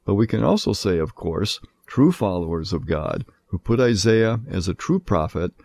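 A man with a low, gravelly voice gives a measured lecture on scripture. He steps carefully through each passage, marking every citation with "quote" and "end quote". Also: sing-song, a little mellow. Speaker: Bible teacher.

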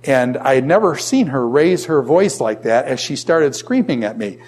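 A man's voice: medium pitch, lively intonation, moderate pace, darkish tone, slightly rough. A man in his fifties teaching a class in a conversational lecture, repeating his points and acting out quoted voices.

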